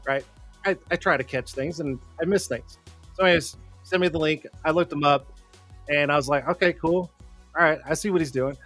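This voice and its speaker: A man's voice: a little high, fairly quick, fairly bright tone, soft background music. Rambling, foul-mouthed male livestream host. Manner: rambling, profane and laughing often. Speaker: host of a live streamed show. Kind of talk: casual livestream chat.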